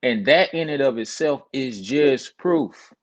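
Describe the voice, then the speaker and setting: A man's voice: medium pitch, animated, measured pace. A male guest speaker talking earnestly, quoting scripture and repeating words to drive his points home. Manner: earnest, cites scripture, builds points with repetition. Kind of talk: casual chat with a preaching tone.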